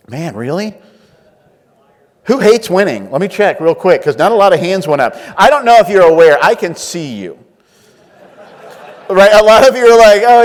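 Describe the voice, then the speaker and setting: A man giving a lively conference workshop talk, acting out inner voices and quizzing his audience. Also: a little high, long reverb tail. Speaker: workshop speaker. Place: large conference room.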